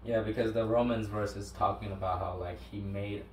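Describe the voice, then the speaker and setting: Low male co-host, hesitant and thoughtful, off-mic in a roomy space. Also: steady tone, brisk, darkish tone. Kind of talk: casual Bible discussion. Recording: distant mic in echoey room, faint hiss.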